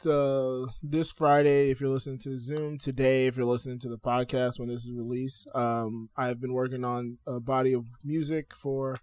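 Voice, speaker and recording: A man's voice: medium pitch, level tone, normal speed, few pauses, a little mellow, no room sound. A man in his twenties, co-host of a podcast, talking candidly in casual banter with fillers and easy laughter. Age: 20s.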